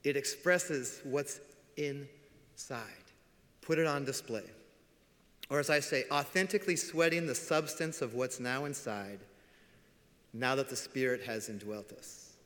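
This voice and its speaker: Male pastor, lively preaching style with soft emphatic drops, reverb of a large sanctuary. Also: mid-range voice, measured pace. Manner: animated storytelling, acts out voices, drops to soft emphasis. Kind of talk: sermon. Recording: long hall reverb.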